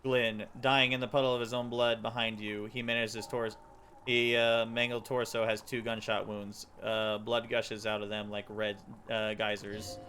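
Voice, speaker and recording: A man with a slightly low voice reads a game's story aloud on a live stream, tripping over words and breaking off to react. A faint hum runs underneath. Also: normal speed. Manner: animated reading with stumbles and laughs. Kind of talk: reading game text aloud with reactions.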